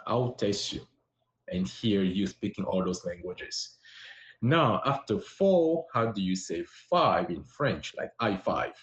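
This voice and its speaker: A man teaching a live-streamed French lesson, patiently encouraging his viewers and repeating words slowly. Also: on the low side, lively intonation, echoey room, dull audio. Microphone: live-stream app.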